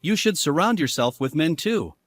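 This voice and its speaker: Male actor as selfish cheating husband; lively, higher voice, dry close recording. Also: moderate pace, dry recording. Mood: oblivious. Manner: lively, swinging between angry and begging. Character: selfish unfaithful husband, pleading and blustering. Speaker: husband character. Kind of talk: dramatized story dialogue.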